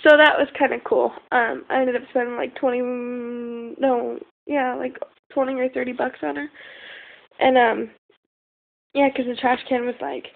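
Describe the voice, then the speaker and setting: A woman's voice: fairly high pitch, creaky, narrow, tinny audio. A young woman telling a rambling story in casual talk, full of fillers and the odd swear word, recorded on a phone. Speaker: vlogger.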